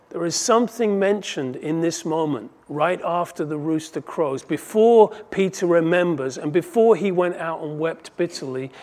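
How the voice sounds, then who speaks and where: A man delivers a sermon with a gravelly, slightly high voice. He reads scripture passages aloud and swings between emphatic stresses and hushed, reflective lines. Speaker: preacher. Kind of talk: expository sermon.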